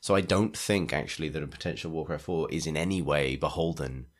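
A man with a very low voice co-hosting a casual games podcast. He rambles, restarts his sentences and keeps circling back to his point in easy conversation. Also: brisk. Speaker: podcast co-host. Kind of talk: casual chat.

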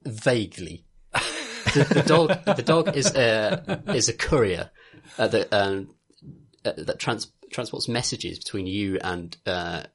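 A man's voice: fairly low pitch, lively intonation, takes it slowly, a bit bright, slightly rough. A young man co-hosting a casual podcast chat, rambling with lots of fillers and laughter. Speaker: podcast co-host.

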